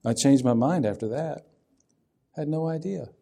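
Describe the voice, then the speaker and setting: A man's voice: fairly high pitch, moderate pace, creaky, mellow. A man preaching a sermon in a folksy, conversational way, often asking his listeners questions.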